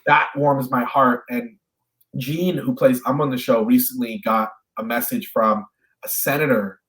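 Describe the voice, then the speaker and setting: Male guest, 30s, from Canada: animated anecdotes, stammering restarts, mid-range voice. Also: mid-range voice, unhurried, low-quality recording. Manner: stammering restarts when thinking aloud. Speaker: actor and guest. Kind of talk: casual video interview.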